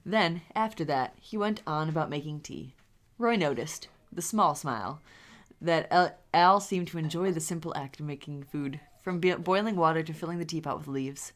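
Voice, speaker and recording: Brief: low-voiced woman reading fanfic aloud, giggly, cheeky asides. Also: moderate pace, few pauses. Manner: giggly, swears casually, laughs often between lines. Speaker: fanfiction reader, co-host. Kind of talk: comedic fanfiction reading with commentary.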